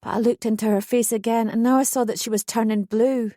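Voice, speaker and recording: A woman's voice: on the high side, fairly even intonation, a little fast, hardly any pauses, dark tone, dry recording, studio quality. A woman narrating a first-person true story audiobook with feeling. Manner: emotional memoir reading, acting out quotes.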